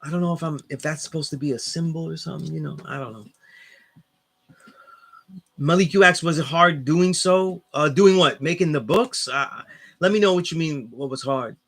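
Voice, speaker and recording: This class instructor from the New York area talks casually with livestream viewers as he reads their comments, rambling with frequent "you know what I'm saying." His New York-accented voice is on the high side, husky, and fairly quick.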